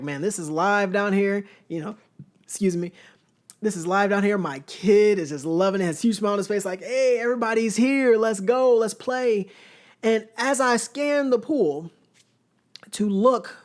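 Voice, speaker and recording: A man in his thirties tells a personal story on his podcast, speaking casually and with lots of energy. He often checks in with the audience and keeps the tone close and conversational. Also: high voice. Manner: animated, conversational, addresses listeners directly with "right?". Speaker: podcast host. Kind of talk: storytelling monologue.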